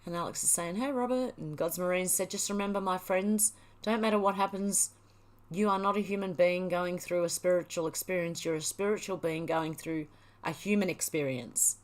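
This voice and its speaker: A woman's voice: fairly low pitch, steady tone, normal speed. A middle-aged woman hosting a livestream, reading viewer comments aloud and chatting back casually. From Australia. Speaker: livestream host reading chat. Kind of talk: casual chat.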